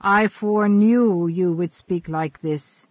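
A man reading the part of a stern old shaman in an audiobook, speaking gravely and in a measured way. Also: no room sound. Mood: gentle. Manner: measured, grave, low-spoken. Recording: dull, dry recording.

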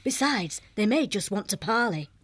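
A woman voicing a calm, motherly female abbey leader with a gruff, homely voice who reassures others in a storybook reading. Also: mid-range voice, moderate pace, lightly acted. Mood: reassuring.

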